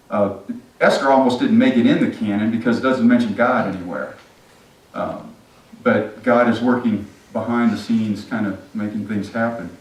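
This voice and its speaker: Casual storytelling pastor in an echoey church. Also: male voice, medium pitch. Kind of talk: sermon, retelling a story. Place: church sanctuary. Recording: echoey sanctuary, distant mic.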